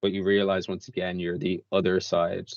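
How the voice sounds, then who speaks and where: A man narrating a tabletop game as game master, with relaxed, lively description. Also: deep voice, normal speed, no echo, lo-fi sound.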